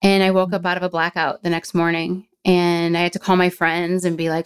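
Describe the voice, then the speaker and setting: Woman in her 40s, low smooth voice, talks blunt and candid, cusses a lot. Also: fairly even intonation, moderate pace. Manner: blunt and frank, swears, laughs at herself. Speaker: guest sharing a recovery story. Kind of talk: candid personal storytelling.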